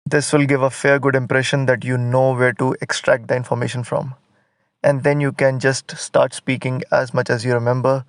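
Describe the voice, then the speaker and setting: Male exam tutor, middle pitch, gravelly, patient and explanatory. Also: little pitch movement, normal speed, dry recording. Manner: explanatory, step-by-step. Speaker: exam prep instructor. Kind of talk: lesson with a memory story.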